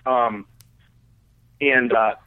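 A man's voice: medium pitch, fairly even intonation, very slow. A man telling a long, crude personal story in a loose, rambling way, full of "like" and restarts. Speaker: guest telling a story on a radio show. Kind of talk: casual storytelling. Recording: phone-like radio audio.

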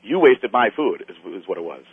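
This man's voice is lowish and slightly rough, moving a little fast as he tells a story in casual chat. He animatedly acts out what others said and swears along the way. It sounds like a tinny phone line.

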